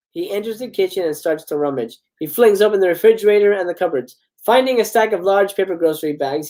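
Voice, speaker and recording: A man's voice: sits high, darkish tone. A man hosting a livestream, reading a film script aloud and breaking off to chat with viewers. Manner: reads stage directions then breaks off into casual commentary to viewers. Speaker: livestream host. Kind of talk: live script read-aloud with chatty asides.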